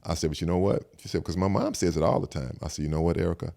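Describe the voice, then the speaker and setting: A deep, gravelly older man with a Southern American accent talks quickly through a personal story. He speaks in a relaxed, reflective way, and keeps stacking "I said" as he replays old conversations. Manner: reflective, repeats "I said" while retelling conversations. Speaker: podcast guest. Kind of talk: casual storytelling chat.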